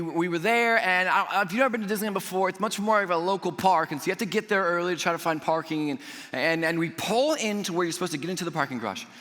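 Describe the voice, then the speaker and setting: A man preaching a sermon, telling a personal story in an animated way, acting out the voices he quotes and adding jokey asides. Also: medium pitch, long reverb tail. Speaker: pastor. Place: church auditorium.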